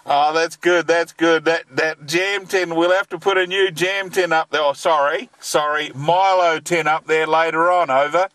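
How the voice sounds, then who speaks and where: A man's voice: on the high side, steady tone, normal speed, few pauses, a bit bright, a little hiss or hum. An Australian man chatting on amateur radio from a bush campsite, joking and using call signs. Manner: jokey, uses radio call signs and slang. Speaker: amateur radio operator, travel vlogger. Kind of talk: casual ham radio chat.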